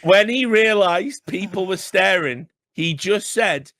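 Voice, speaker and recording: A man's voice: sits high, slow, bright, forceful tone, dry recording. A man co-hosting a casual podcast, reading news stories aloud and breaking in with chatty asides. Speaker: podcast co-host.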